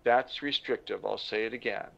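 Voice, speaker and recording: Older male motivational speaker, gravelly, animated storyteller; muffled lo-fi audio. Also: fairly low pitch, moderate pace. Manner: animated storyteller, acts out quotes. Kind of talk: conversational teaching with anecdotes. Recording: dull lo-fi recording.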